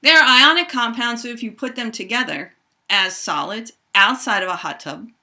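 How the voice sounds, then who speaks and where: A middle-aged woman teaching a high school chemistry lesson, playfully acting out reactions with toy bears. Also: moderate pace. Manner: animated, acts out toy bears in squeaky voices. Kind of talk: playful classroom lesson with toys.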